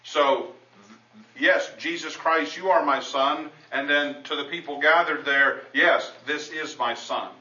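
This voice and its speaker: A man's voice: fairly high pitch, pushed and bright. A man preaching a sermon and teaching from the Bible in a conversational way, breaking off to restart and reading scripture aloud. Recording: roomy, dull sound from a distant mic.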